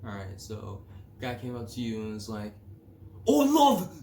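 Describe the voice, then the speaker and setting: A man's voice: lowish voice, steady tone, normal speed, gravelly, a little mellow. A man hosting a casual solo podcast, rambling and crude, joking and reading definitions aloud. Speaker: podcast host. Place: home room, early morning. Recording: echoey room with faint ambient noise.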